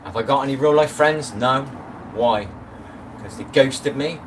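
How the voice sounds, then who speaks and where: A middle-aged man chats loosely on a live stream, drifting between asides and greeting viewers by name. He sounds set back from the phone mic, with clear background noise around him. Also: medium pitch, measured pace, distant mic. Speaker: livestream host. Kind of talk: casual live-stream chat.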